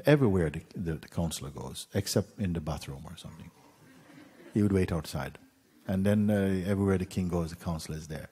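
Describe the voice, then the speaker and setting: Husky low-voiced man telling a story. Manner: unhurried, with pauses and soft fillers. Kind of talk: gentle spoken storytelling.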